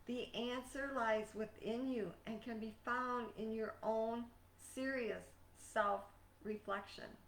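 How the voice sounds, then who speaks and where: A woman life coach giving a scripted motivational talk in an earnest, measured, emphatic way. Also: fairly high pitch, steady tone, slight background noise. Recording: echoey room, distant mic.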